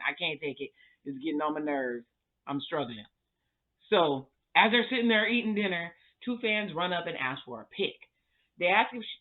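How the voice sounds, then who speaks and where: A woman giving a casual, blunt recap of a TV episode and talking straight to her viewers. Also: fairly low pitch. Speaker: TV review vlogger. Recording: thin, phone-like sound.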